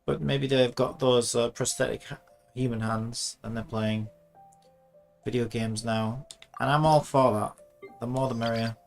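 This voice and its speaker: A man giving excitable, sarcastic live commentary while playing a video game. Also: mid-range voice, a little slow, vocal fry, faint music behind. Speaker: gaming streamer.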